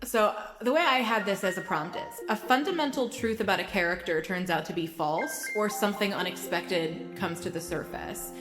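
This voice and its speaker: A woman's voice: medium pitch, moderate pace, hardly any pauses, roomy sound, music in the background. A woman game master plainly explaining a tabletop game prompt.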